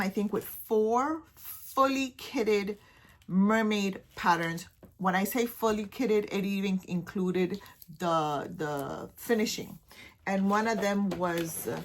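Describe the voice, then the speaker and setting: A woman with a Caribbean accent talks casually to her camera at home. Her delivery is chatty and loose, full of restarts and trailing thoughts, and she often drops to a soft, almost whispered voice. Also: medium pitch, slow, a little hiss or hum. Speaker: cross-stitch vlogger. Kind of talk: casual show-and-tell chat.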